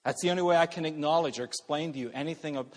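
A middle-aged male pastor preaching a sermon earnestly, moving between loud emphasis and soft, hushed passages. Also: on the high side, racing, in a large hall.

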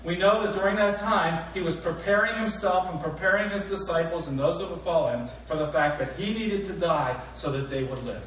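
A man preaching a sermon, his voice a touch higher than most, with animated rhetorical questions and voices for the people in the story. The sound is heavily echoey and picked up from a distance, with a faint noise underneath. It reads like a church recording. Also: fairly quick, few pauses. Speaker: pastor. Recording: echoey hall recorded from far off.

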